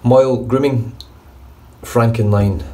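A man's voice: mid-range voice, fairly even intonation, takes it slowly, dark tone. A man in a bathroom giving a casual, blunt and sweary shave review. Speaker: wet-shaving vlogger. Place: indoor bathroom. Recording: distant mic with faint room noise.

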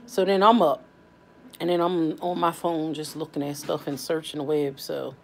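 A woman's voice: low-pitched, level tone, normal speed, gravelly, a little hiss or hum. A tired, yawning woman hosting a casual family live stream from home, talking informally with lots of fillers. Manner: drawling, informal, many fillers. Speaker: family channel host.

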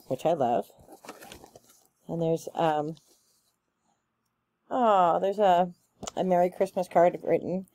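A woman chatting casually through a gift box unboxing, gushing and excitable, with plenty of ums and likes. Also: deep voice. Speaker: unboxing vlogger.

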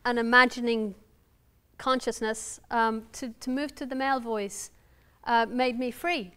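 A woman's voice: a little high, steady tone, a little slow, fairly bright tone, clear, resonant tone. An Irish woman novelist reading her work aloud and then answering audience questions, candid, wry and self-deprecating. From Ireland. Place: university lounge before an audience.

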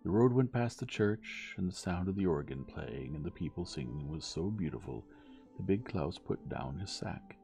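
A man reads a bedtime story softly and gently. His voice is very deep and gravelly, with a mellow tone and lively swings. Faint music plays underneath. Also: moderate pace. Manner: soft, gentle reading.

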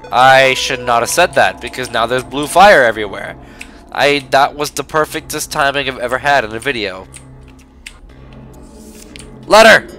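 A man's voice: medium pitch, bright, forceful tone. A young man giving sarcastic, joking let's play commentary as a gaming YouTuber.

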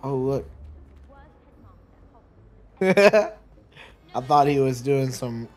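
A man's voice: medium pitch, animated, very slow. A man giving casual let's play commentary, rambling and chatty, often laughing and tripping over his words. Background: faint game music.

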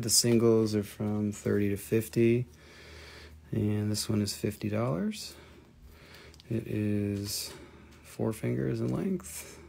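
Gravelly-voiced man selling crystals live. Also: fairly low pitch, darkish tone. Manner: chatty and joking. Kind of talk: casual live sales stream.

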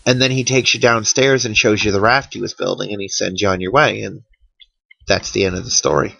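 A man's voice: fairly low pitch, fairly even intonation, brisk, gravelly, fairly bright tone, no room sound, low-quality recording. A man giving casual, wry commentary over a game he is playing, sounding worn out. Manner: chatty, wry, tired and yawning. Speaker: let's play commentator.

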